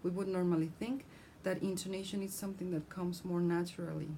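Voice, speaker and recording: Lowish-voiced woman teaching a lesson. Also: level tone, fairly quick, dark tone, a little hiss or hum, low-quality recording. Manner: clear, explanatory delivery with spoken examples. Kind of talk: scripted lesson on speech.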